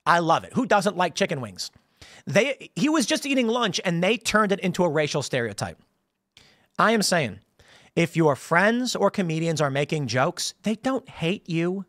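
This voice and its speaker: American guy with a high voice doing a rambly political commentary rant, lots of restarts, dry studio sound. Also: normal speed, no room sound. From United States. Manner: rambling, animated storytelling with frequent restarts and laughs. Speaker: political commentary show host. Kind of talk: casual political commentary monologue.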